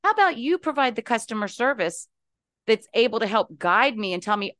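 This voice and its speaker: A woman's voice: a little high, big pitch swings, a little fast, a bit bright, no room sound, studio quality. A middle-aged woman from West Virginia calling into a talk show, venting animatedly and with exasperation. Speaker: caller. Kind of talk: casual talk-show call-in.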